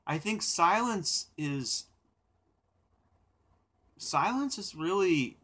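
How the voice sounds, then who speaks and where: A young man hosting a live stream, chatting casually with viewers in a rambling way, with repeated words and laughter. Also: fairly low pitch. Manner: reflective and calm when talking about silence. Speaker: livestream host.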